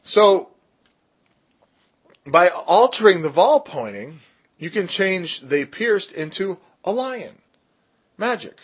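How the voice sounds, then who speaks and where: A man with a somewhat high, husky voice teaches a casual Bible study. He explains with emphatic bursts, drawing out key words slowly, and drops in jokey, self-deprecating asides. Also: big pitch swings.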